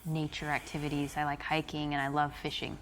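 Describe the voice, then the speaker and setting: A woman's voice: sits low, monotone, fairly quick, fairly bright tone, faint music behind, poor audio. An actress playing an outdoorsy young woman on a date in a dating game, answering with short, agreeable replies. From American countryside. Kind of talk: scripted game dialogue.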